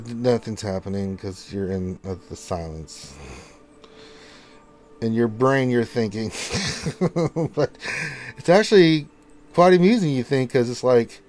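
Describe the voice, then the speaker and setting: A man's voice: mid-range voice, a little mellow, slight background noise. A man narrating as dungeon master in a casual online tabletop game, rambling with lots of fillers.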